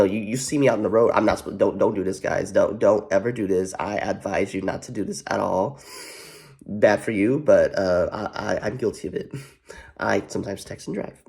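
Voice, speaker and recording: Rambling male vlogger, low and gravelly, swears freely, loops on fillers. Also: darkish tone. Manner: rambling, heavy filler "you know what", profane, repeats himself. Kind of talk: casual rambling commentary.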